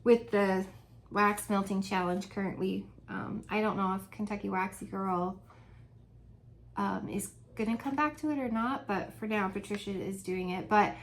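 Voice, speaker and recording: A woman's voice: medium pitch, fairly even intonation, normal speed, slight background noise, rough recording. A woman vlogging from home in a casual, chatty, rambling way, laughing often as she talks. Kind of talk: casual chat.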